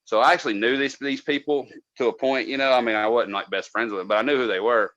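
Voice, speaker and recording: A man from North Georgia, a podcast co-host telling a casual, profane story from his days as a cable tech, loudly acting out what people said. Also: mid-range voice, fast talker, dry recording, dull audio. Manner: profane, animated, acts out quotes loudly.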